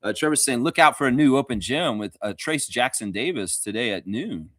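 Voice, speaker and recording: A man's voice: medium pitch, fairly quick, no room sound, clean studio sound. A man hosting a fan livestream, chatting casually and animatedly with his viewers, cursing now and then. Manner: animated, profane, talks to chat viewers. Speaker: fan show host.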